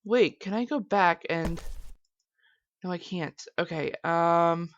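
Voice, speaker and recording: A woman's voice: lowish voice, slow, lo-fi sound. A woman casually commentating a game, chatty and self-mocking. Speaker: gameplay commentator.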